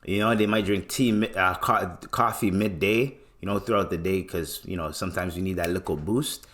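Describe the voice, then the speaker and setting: A man's voice: low-pitched, steady tone, normal speed, fairly bright tone. Laid-back, slangy young man hosting a podcast. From Canada. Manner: laid-back, swears often, slangy, rambling. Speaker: podcast host. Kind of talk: casual solo podcast talk.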